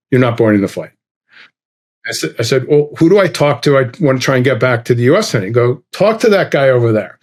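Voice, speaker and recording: A middle-aged man telling a travel anecdote in a casual chat, acting out the lines of the people in it. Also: medium pitch. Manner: animated, acts out dialogue with quoted voices. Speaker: guest storyteller.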